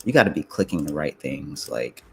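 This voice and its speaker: A man's voice: rumbling low, big pitch swings, normal speed, creaky, a bit bright, slight background noise. A young man trading futures live on stream, talking casually to viewers and swearing, frustrated and muttering to himself. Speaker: livestreaming futures trader.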